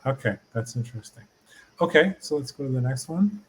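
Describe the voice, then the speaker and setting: A man at an ordinary pitch who hosts a casual podcast. He asks eager, curious questions and often restarts his sentences while he works them out. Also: expressive, a little fast, husky. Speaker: podcast host and learner.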